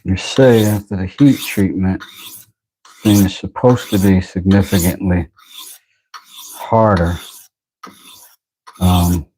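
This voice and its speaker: A man's voice: low-pitched, fairly even intonation, slow pace, long pauses, mellow, slight background noise, low-quality recording. A man chatting casually to himself while working in his home workshop, making a knife for a vlog.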